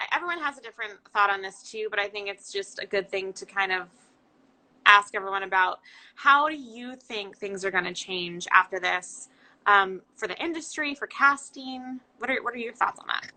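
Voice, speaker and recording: Woman host, very bright voice, chatty, lots of agreeing, video call. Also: mid-range voice, expressive, normal speed, rough recording. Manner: chatty, frequent agreeing, passionate asides. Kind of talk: casual interview on a livestream.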